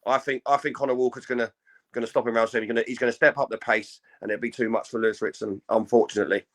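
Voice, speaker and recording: A British man co-hosts a casual podcast at a quick pace, in a mid-pitched voice. He rambles, restarts his sentences often, and swears without fuss. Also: fairly even intonation, fairly bright tone. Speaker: podcast co-host.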